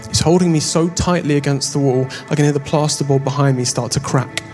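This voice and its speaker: Soft music plays behind a young man from England doing stand-up before a live audience. His slightly high, slightly mellow voice moves at a brisk clip as he tells a wry story at his own expense.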